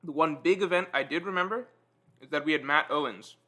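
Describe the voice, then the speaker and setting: A man's voice: on the high side, a little fast. A man hosting a livestream, chatting casually and self-deprecatingly with his viewers while eating. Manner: relaxed, self-deprecating, reads out chat comments. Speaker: livestream host. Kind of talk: casual chat with live viewers.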